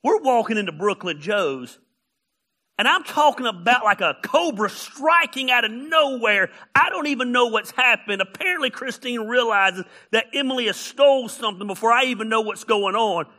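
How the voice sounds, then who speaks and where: A man preaching a sermon, telling funny stories and often raising his voice to a shout. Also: very high-pitched, moderate pace. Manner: animated, often shouting, storytelling. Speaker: pastor.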